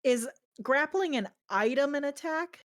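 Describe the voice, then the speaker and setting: A woman's voice: sits high, expressive, unhurried, no room sound, clean studio sound. A woman playing a tabletop game, thinking aloud hesitantly and asking about rules. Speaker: player. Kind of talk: casual game talk.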